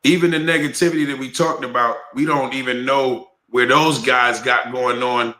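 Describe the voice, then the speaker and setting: A man's voice: medium pitch, fairly even intonation, moderate pace, sharp tone. An older man with grandkids co-hosting a podcast in casual chat, teasing and laughing often. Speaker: podcast co-host. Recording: roomy echo.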